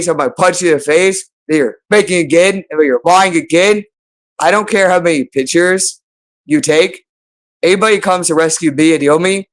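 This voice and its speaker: A woman with a fairly low voice delivers a rambling, unscripted monologue to her camera. She sounds agitated and accusing throughout. She keeps returning to the same phrases in loops. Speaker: channel host.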